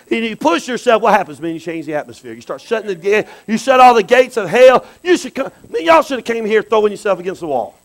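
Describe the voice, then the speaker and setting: Man, pastor, high voice, sermon, soft asides, loud bursts. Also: quick pace, low-quality recording. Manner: animated preaching that swings from soft asides to shouts.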